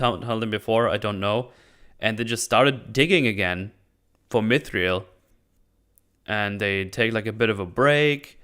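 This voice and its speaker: A man's voice: on the low side, fairly bright tone, smooth. A man casually recapping a TV episode, ranting and sardonic, swearing freely. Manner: sardonic, mutters asides. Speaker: show host recapping a TV episode.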